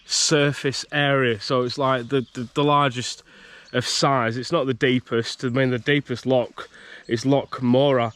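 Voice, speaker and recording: A man vlogs on foot at a rural lochside campsite, his mid-range, fairly bright voice showing little pitch movement. He talks a little slowly with few pauses, sounds slightly congested from a cold, and rambles chattily, laughing and restarting.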